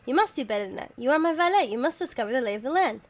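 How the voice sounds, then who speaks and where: Woman reading a stern English gentleman. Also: high voice, expressive, rapid-fire.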